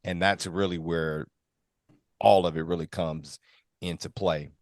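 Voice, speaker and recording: Host: middle-aged man, lowish voice, dry close mic, laid-back and chatty. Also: no room sound. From California. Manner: relaxed, reflective, quick reactions and laughs. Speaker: podcast host. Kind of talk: casual interview chat.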